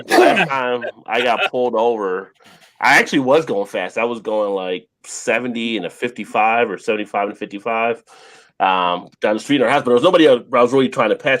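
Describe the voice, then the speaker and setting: A man at a mid pitch tells a long roadside story in casual stream chat. His voice rises and falls freely, and he breaks into laughter between lines. The talk wanders and doubles back. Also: fairly bright tone. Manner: rambling storyteller, laughs often. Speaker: stream co-host.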